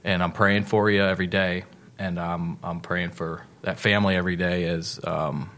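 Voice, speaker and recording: A podcast host with a very low voice and a bright, forceful tone. He thanks his guest earnestly. He speaks in halting, repeated starts and swears now and then. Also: flat delivery. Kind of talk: casual chat.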